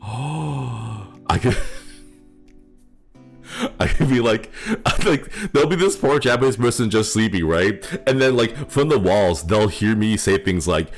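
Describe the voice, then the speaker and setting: A man's voice: mid-range voice, very animated, measured pace, faint music behind. A male streamer chatting casually with viewers, rambling and laughing often as he thanks supporters.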